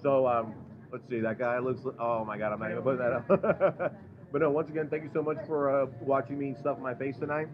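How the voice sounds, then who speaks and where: An excitable man hosting a live food taste test in a restaurant, gushing and tripping over his words. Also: medium pitch, brisk, crowd noise. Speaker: podcast host doing a live food review. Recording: muffled live stream with background noise.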